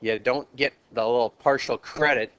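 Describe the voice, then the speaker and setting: A man's voice: medium pitch, steady tone, moderate pace, a bit bright, clean tone, muffled recording. A man with a Minnesota accent teaching math in a classroom, asking the class questions and polling the students. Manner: asks the class questions, jokes and polls students. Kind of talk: classroom lecture.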